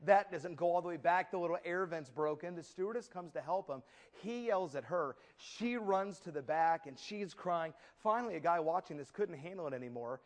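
A man preaching a sermon, dramatic and storytelling, swinging between loud declaiming and soft asides with folksy humor. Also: a little high, normal speed, few pauses.

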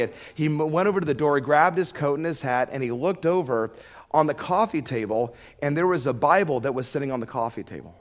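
Man, middle-aged preacher, folksy storyteller, fervent emphasis, slightly high voice. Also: a little fast. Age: middle-aged or older. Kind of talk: storytelling sermon.

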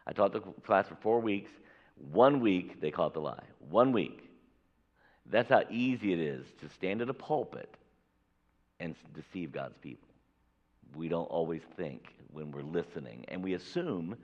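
A man's voice: deep voice, lively intonation, a little fast. Guy preaching a sermon in church, lots of emphasis, kinda dull lo-fi sound. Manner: emphatic preaching, acting out Bible dialogue. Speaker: pastor. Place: church sanctuary. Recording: echoey hall, dull lo-fi audio.

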